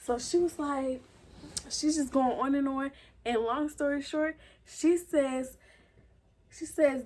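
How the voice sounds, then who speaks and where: A young woman, telling a profane, animated story about a fight at work in a casual vlog. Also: takes it slowly. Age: teens. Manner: animated, profane, acts out quotes in a higher voice. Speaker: vlogger.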